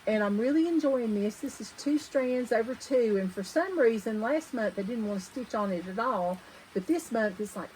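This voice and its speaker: A woman's voice: a little high, normal speed, a little mellow, a little hiss or hum, low-quality recording. A woman chatting casually at home about her cross-stitch projects, rambling and correcting herself as she goes. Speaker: cross-stitch vlogger host. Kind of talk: casual show-and-tell chat.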